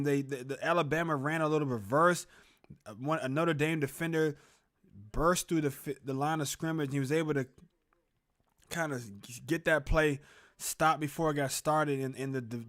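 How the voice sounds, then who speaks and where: A man's voice: on the high side, fairly even intonation, normal speed, a bit bright. A young man hosting a casual sports show at home, rambling about a football game and greeting viewers in the chat. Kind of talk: casual live game reaction stream. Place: at home in a room with a closet.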